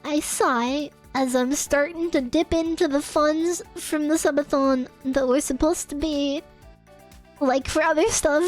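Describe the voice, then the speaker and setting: Very high-pitched aussie girl ranting to chat, laughs a lot, swears, faint music behind. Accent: Australian. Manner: laughs often, swears, emotional and breathless retelling. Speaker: VTuber streamer. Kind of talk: casual storytelling rant to chat.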